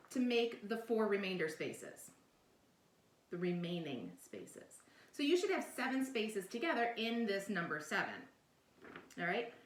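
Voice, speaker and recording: In an echoey room, a woman teacher records a video lesson, her fairly high voice captured from a distance and a bit off-mic. She explains things patiently, one step at a time, frequently asking "all right?".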